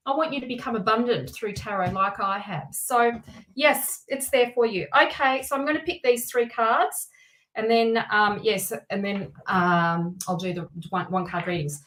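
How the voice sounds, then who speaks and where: A woman hosting a live tarot stream, talking in a chatty, excitable way with many restarts and asides. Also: medium pitch, moderate pace, rough recording. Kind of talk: casual live-stream chat.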